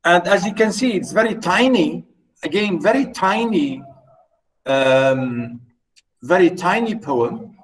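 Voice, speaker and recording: A male lecturer talks through poetry slowly and haltingly, full of fillers and restarts. His voice sits a little high for a man. He keeps checking whether his students are following. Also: lively intonation, rough recording. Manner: hesitant, many fillers and restarts.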